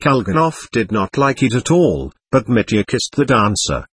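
A man reading a classic novel aloud as audiobook narrator, in a measured literary manner. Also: medium pitch, big pitch swings, fairly bright tone, slightly rough, no echo. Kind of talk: scripted narration.

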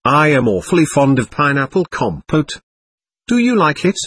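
A man voicing an excitable, capricious teenage girl, talking intensely and darting between teasing and pleading. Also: fairly high pitch, normal speed, husky, full character voice. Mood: feverish.

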